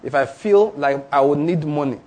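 A man preaching a sermon. He teaches emphatically, slowing down on key phrases and repeating declarations. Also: on the high side, a little mellow. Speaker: pastor.

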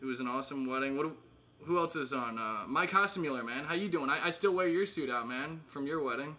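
A man's voice: mid-range voice, quick pace, pushed and bright. A man in his thirties casually catching up with old friends, rambling with fillers and laughing often. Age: 30s. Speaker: host.

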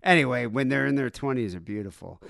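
A man's voice: mid-range voice, fast talker, vocal fry, fairly bright tone, dry recording, clean studio sound. Rambling man hosting a crude podcast. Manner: rambling, laughing, crude humor. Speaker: podcast host. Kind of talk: casual chat.

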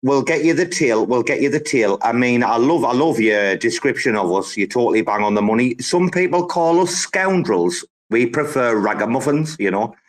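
A man's voice: medium pitch, expressive, normal speed, hardly any pauses. A man hosting a casual live audio chat, boisterous, laughing often and swearing freely. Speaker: host.

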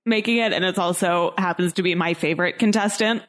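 A woman's voice: fairly low pitch, fairly quick. A woman co-hosting a casual podcast, chatting playfully and defending her point through laughter. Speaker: podcast co-host. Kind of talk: casual chat.

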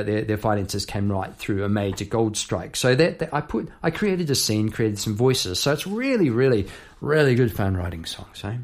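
A man's voice: lowish voice, vocal fry. A man, a songwriter hosting an episode, explains his lyrics in a chatty, rambling way with many asides and tag questions. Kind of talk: casual explanation of song lyrics.

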